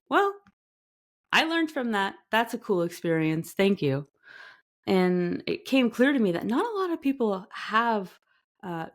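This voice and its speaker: A woman hosting a self-help podcast, talking earnestly in a casual monologue and acting out little quoted voices. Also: lowish voice. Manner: earnest, talks animatedly, acts out quoted voices. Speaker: podcast host.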